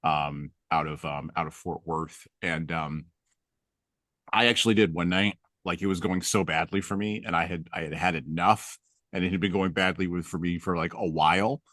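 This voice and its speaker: Very deep-voiced man telling stories. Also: normal speed, a bit bright, dry recording, studio quality. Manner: humorous storytelling. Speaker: podcast host. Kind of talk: casual conversation.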